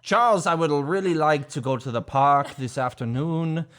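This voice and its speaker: A woman voicing a little girl who talks like a pompous old British man, slow and overly formal. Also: sits low, animated, slight background noise.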